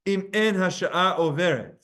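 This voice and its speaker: A man with a fairly high voice teaches a religious text class. He reads passages aloud in Hebrew and Aramaic and then explains them in plain, casual English. He often turns to speak straight to his students. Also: fairly bright tone. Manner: explains texts, reading Hebrew and Aramaic aloud and translating with quick asides; speaks directly to students by name. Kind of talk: Talmud class lesson.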